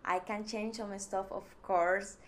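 Slow, earnest Mexican-accented woman. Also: mid-range voice, fairly even intonation, a bit bright. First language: Spanish. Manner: earnest, searching for words in a second language. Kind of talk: personal vlog talk to camera.

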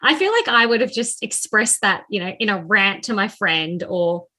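A woman's voice: mid-range voice, normal speed, sharp tone, husky. Enthusiastic woman co-hosting a podcast. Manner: enthusiastic, laughs often. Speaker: podcast co-host. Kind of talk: casual podcast chat.

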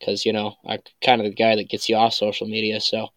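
A man who works as a life coach, a guest on a podcast, speaking in a measured, hesitant way with many ums. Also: lowish voice, completely flat delivery, a bit bright, no room sound. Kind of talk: casual podcast interview.

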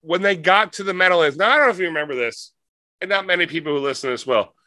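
A man's voice: high-pitched, animated, rapid-fire, bright, forceful tone, no room sound. A man co-hosting a podcast, spinning a rambling comic story in casual chat. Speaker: podcast co-host.

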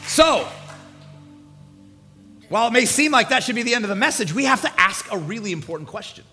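A male pastor preaching a sermon, animated and emphatic, swinging from hushed lines to loud bursts. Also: high-pitched, a little fast. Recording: long hall reverb with faint music.

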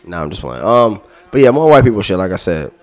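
A man's voice: sits low, very animated, fast, a little mellow, soft background music. A man hosting a podcast, ranting heatedly and profanely, repeating himself. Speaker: podcast host.

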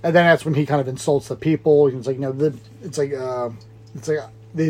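A man with a slightly higher voice co-hosts a casual podcast, rambling through a movie recap. He laughs often and acts out lines from the film as he goes. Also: fairly even intonation, a little fast, dark tone. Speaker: podcast co-host.

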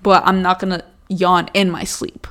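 A woman's voice: fairly low pitch, flat delivery, normal speed, a bit bright. A young woman co-hosting a casual podcast, swearing freely and saying "like" constantly. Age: young adult. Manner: casual, heavy swearing, says "like" a lot. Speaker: podcast co-host. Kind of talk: casual chat.

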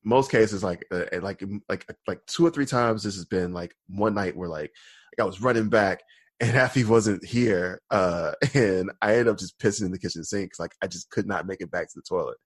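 Husky guy rambling on a podcast, lowish voice, dry sound. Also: normal speed, no room sound. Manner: rambling storytelling, laughs often, many fillers. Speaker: podcast co-host. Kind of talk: casual chat.

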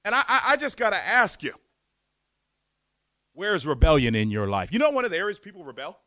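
High, lively-voiced preacher man. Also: brisk, no echo. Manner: emphatic, with repeated words and rhetorical questions. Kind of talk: sermon.

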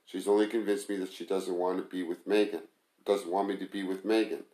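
A man calmly reading a first-person story aloud as narrator, in an echoey room. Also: deep voice, a little fast. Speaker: audiobook narrator.

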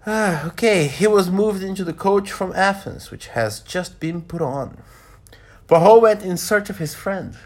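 A man reads a novel aloud and keeps breaking off to comment on the story. His voice is husky, and his intonation rises and falls a lot. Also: sits high, lively intonation, unhurried. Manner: stops to comment and restates lines. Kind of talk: reading a novel aloud with asides.

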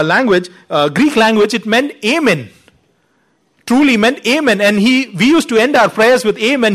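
A man preaching a sermon, teaching earnestly, pushing his voice up for emphasis and often saying "you know". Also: high-pitched.

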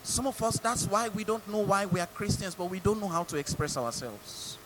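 A man's voice: high voice, normal speed, background noise. A male pastor with a Nigerian English accent preaching a sermon, mimicking people and asking the congregation rhetorical questions.

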